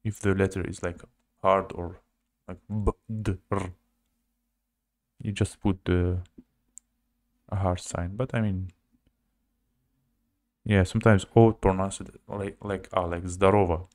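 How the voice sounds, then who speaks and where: Slow, halting man teaching a language. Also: sits low, flat delivery, a little mellow, no room sound, clean studio sound. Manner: halting, many fillers, repeats words slowly. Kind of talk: casual language lesson.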